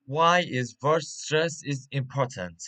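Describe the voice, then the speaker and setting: Man, teacher, slow delivery, bright tone, lots of uhs and restarts. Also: mid-range voice. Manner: halting, with many uhs and restarts. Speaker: English teacher. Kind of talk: reading a pronunciation lesson.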